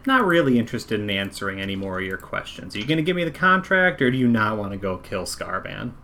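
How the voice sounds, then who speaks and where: A man's voice: on the low side, very animated, quick pace, pushed and bright, slight background noise, exaggerated voice. A man voicing a shrewd, wary woman who haggles bluntly over a contract. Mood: impatient.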